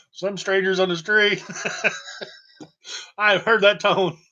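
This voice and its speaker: A man's voice: high-pitched, sharp tone, highs cut off. A middle-aged man from Tennessee, hosting a podcast and telling stories in a folksy, chuckling way. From Tennessee, USA. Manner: chuckling, folksy, laughs between lines. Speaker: podcast host. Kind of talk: casual storytelling.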